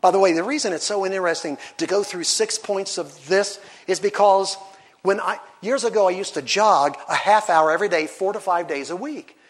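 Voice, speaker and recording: High-voiced older male preacher. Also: normal speed. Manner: animated preacher who acts out quoted voices. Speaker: pastor. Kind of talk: sermon.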